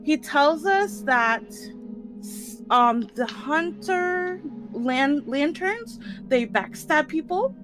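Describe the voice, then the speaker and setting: A woman casually recapping the last tabletop session, animated, laughing and swearing often. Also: high-pitched, drawn-out words, over music.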